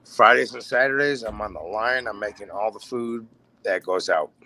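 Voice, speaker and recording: Gravelly-voiced man in his late forties, a podcast guest telling stories with loose, salty talk. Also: lowish voice, moderate pace, bright, forceful tone. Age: 40s. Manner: laid-back, profane, says "man" a lot. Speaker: podcast guest, bass player. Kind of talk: casual chat storytelling.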